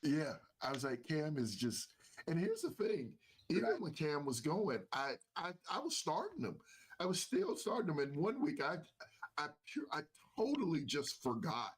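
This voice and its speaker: A man's voice: a little high, sing-song, normal speed, husky. A man co-hosting a casual sports talk show, talking with a nasal voice, repeating himself and using lots of fillers. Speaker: podcast co-host.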